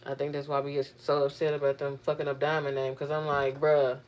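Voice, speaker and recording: A young woman vlogging, venting in a profane, animated, exasperated way. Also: low-pitched, fairly quick, lo-fi sound, a little hiss or hum. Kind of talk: casual venting monologue.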